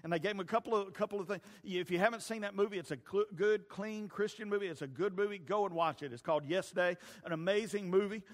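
Male preacher, high voice, folksy storyteller, big reverberant hall. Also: quick pace, hardly any pauses. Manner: folksy, storytelling, stumbling restarts. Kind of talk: sermon with personal stories. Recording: long reverb of a large hall.

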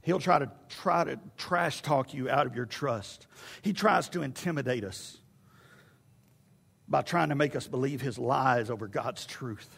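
A man preaching a sermon, animated and storytelling, with stammered restarts. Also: mid-range voice, measured pace, vocal fry, husky, long reverb tail.

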